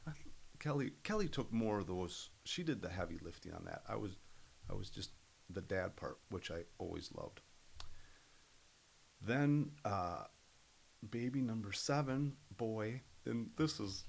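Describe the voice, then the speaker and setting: A middle-aged man, a podcast guest, telling stories in an earnest, animated way. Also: low-pitched, gravelly, slightly rough, low-quality recording. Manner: earnest, animated storyteller who acts out other people's voices. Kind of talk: casual storytelling interview.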